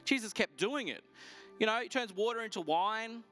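Male pastor, middle-aged, fairly high voice, faint music under him. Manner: lively, animated storytelling with quick asides. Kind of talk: storytelling sermon.

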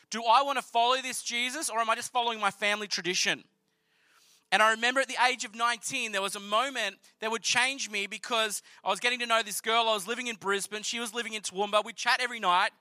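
An Australian man tells his faith story as a sermon, earnest and conversational. His voice sits very high and has a piercing brightness. The recording is close and completely dry. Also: no room sound. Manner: earnest, conversational, animated retelling. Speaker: speaker sharing a personal testimony.

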